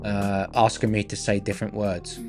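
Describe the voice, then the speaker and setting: A man's voice: fairly low pitch, monotone, moderate pace. Chatty man with music behind. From England. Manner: chatty, reads out viewer comments with many fillers. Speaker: livestream host. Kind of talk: casual live-stream chat. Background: faint background music.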